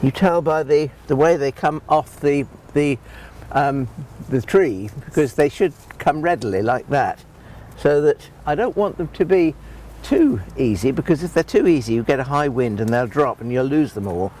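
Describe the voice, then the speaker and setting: A man's voice: a little high, animated, moderate pace, hardly any pauses, darkish tone, slight background noise. A man presenting a gardening show outdoors, talking in a chatty, homely way as he demonstrates fruit picking. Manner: chatty, homely, rambling with restarts. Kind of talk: friendly practical demonstration.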